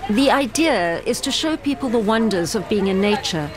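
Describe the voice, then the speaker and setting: A woman narrating a news report in a measured, scripted way. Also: mid-range voice, expressive. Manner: measured, clear storytelling.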